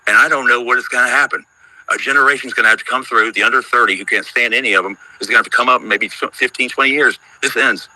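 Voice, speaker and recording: A man's voice: medium pitch, fairly even intonation, quick pace, bright, forceful tone, a little hiss or hum, poor audio. A man in his fifties calling into a live audio chat, talking in a worried, rambling, emphatic way. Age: 50s. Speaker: caller on a live audio room. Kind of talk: casual chat.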